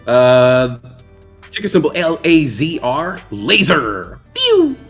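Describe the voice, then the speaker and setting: A man's voice: medium pitch, animated, takes it slowly, a bit bright, breathy edge, soft background music. A man hosting a casual trading livestream, joking around and reading out chat comments. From New York. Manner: playful, jokey, reads chat aloud. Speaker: livestream stock trading host.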